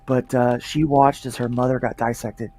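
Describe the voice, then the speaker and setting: A man's voice: medium pitch, level tone, moderate pace, a little mellow. A man, a comic creator and pastor, chatting casually as a guest and rambling with lots of fillers. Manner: laid-back, rambling with many fillers. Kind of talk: casual livestream chat.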